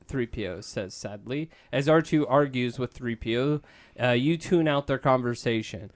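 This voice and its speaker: A man's voice: mid-range voice, a little slow. A man casually reading an adventure book aloud, stumbling and correcting himself as he goes. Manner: stumbling, self-correcting, laughing asides. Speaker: book reader and podcast host.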